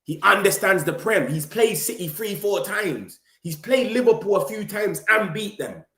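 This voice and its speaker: A young man, chatting casually and excitedly to his viewers in street slang, running his words together. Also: high voice. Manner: excitable, slangy, rapid run-on talk. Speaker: football vlogger streaming to viewers. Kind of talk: casual live-stream chat. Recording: roomy echo.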